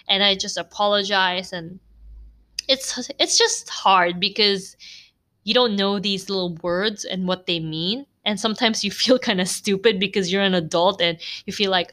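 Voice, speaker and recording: A woman's voice: mid-range voice, normal speed, bright, forceful tone. A woman from the Philippines with a Filipino accent, talking candidly on her own podcast with frequent fillers and light laughs. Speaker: podcast host. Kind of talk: casual solo podcast talk.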